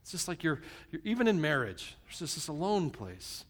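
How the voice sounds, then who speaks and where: A man's voice: a little high, big pitch swings, normal speed. Joking preacher, man, in a reverberant hall. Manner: conversational and joking, swinging from hushed to shouted; self-described plain and a bit crass. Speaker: pastor. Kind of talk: sermon. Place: church service.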